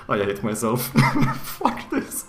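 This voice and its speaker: A man's voice: medium pitch, huge pitch swings, drawn-out words, fairly bright tone, soft background music. A man livestreaming himself playing games, chatting casually, swearing often and laughing at himself. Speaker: streamer. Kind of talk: live gameplay commentary.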